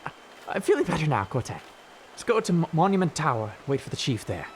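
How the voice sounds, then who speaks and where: A man voicing a frightened small male adventurer in a put-on Irish accent, stammering and gravelly as he reads game dialogue. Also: on the high side, sing-song, fast, slight background noise, pitched above the performer's own voice. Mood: relieved. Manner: jittery, breathless pleading. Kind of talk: voice acting a game's dialogue on a live stream.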